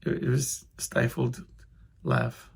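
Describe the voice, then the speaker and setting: A man hosting his own podcast, telling a rambling story in a casual, self-interrupting way and chuckling as he goes. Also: takes it slowly. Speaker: podcast host.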